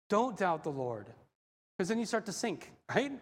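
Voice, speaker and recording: A male pastor preaching a sermon, animated and acting out the voices in the story. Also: high voice, moderate pace. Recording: long hall reverb.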